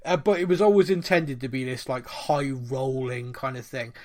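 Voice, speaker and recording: A man co-hosting a casual chat podcast, telling animated stories and laughing often. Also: mid-range voice, normal speed. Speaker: podcast co-host.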